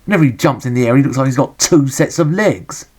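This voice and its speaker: A man's voice: mid-range voice, lively intonation, fast talker, a little mellow, husky. An English man giving a sarcastic, grumbling, joke-filled running commentary as he reviews a retro game.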